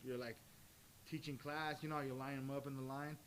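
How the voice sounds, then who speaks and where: A jiu-jitsu coach telling stories in a casual interview, acting out the dialogue with lively energy. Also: male voice, mid-range voice, moderate pace. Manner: animated storyteller, acts out quoted dialogue. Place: gym. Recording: faint background hiss.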